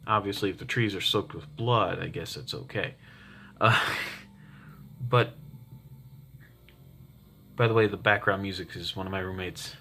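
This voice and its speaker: Low-voiced opinionated man at home. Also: moderate pace, long pauses, pushed and bright, slight background noise. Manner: opinionated, wandering into asides. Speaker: political commentary vlogger. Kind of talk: casual rambling monologue. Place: home, roommate nearby.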